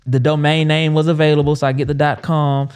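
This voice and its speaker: A man in his thirties, an agency owner, talking casually and with animation about business names, full of quick asides. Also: fairly high pitch, level tone, darkish tone, smooth. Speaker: agency owner and podcast host.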